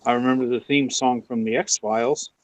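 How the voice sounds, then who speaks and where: A man's voice: mid-range voice, steady tone, moderate pace, slight background noise, rough recording. A man chatting as a guest on a live stream, telling a long rambling story and acting out the quotes. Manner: rambling anecdote full of "you know", acting out quotes. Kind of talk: casual storytelling chat.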